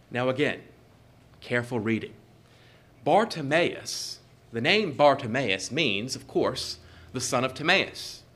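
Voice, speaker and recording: Measured male preacher stressing repeated phrases. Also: medium pitch, expressive, fairly bright tone. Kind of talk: sermon.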